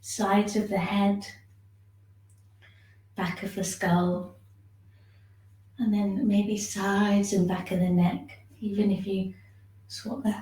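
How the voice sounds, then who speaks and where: A woman teaching a shiatsu class, giving gentle, soothing step-by-step instructions for self-massage. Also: mid-range voice, echoey room, distant mic, poor audio. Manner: gentle, soothing instructions, yawning now and then.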